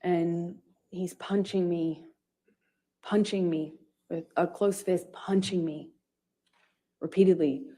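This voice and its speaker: A woman giving courtroom testimony in a halting way, with many restarts and pauses. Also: fairly low pitch, fairly even intonation, dark tone. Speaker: witness testifying.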